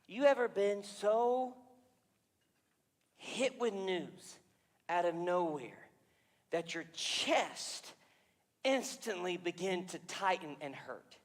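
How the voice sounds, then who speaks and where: Animated high-voiced man preaching. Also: takes it slowly, pauses often. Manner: animated storytelling, confessional asides. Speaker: pastor. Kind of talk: sermon. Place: church sanctuary. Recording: reverberant church hall.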